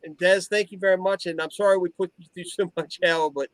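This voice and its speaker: A man hosting a live video chat, telling stories in an animated, folksy way. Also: high voice, a little fast, dry recording, poor audio. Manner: animated storyteller, folksy slang. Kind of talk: casual chat.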